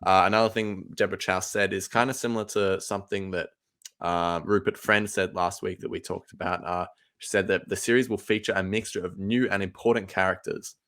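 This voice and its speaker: Wry, low-voiced male podcast co-host. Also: level tone, fairly quick, fairly bright tone. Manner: wry, teasing banter. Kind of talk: casual chat.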